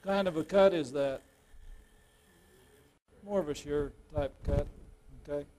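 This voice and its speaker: A man's voice: on the high side, a little slow, mellow. Folksy man teaching a workshop. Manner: casual, folksy, checks in with "okay?" constantly. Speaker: woodturning demonstrator. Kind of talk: live workshop demonstration to a club. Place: club meeting room with a live audience.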